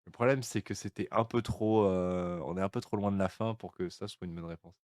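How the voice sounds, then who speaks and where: A man chats quickly over a game he is playing, tossing off sarcastic asides. His voice sits low and the recording is dry and close. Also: a little mellow, no room sound. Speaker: let's play host. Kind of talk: casual game commentary.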